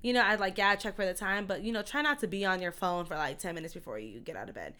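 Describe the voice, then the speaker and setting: A woman co-hosting a casual chat, chatty and quick to laugh, who says she talks fast. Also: mid-range voice, expressive, bright, forceful tone. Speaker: co-host.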